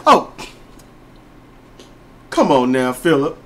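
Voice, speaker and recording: A man voicing a doting older mother who scolds her long-lost son with a high, teary voice. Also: big pitch swings, takes it slowly. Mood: scolding.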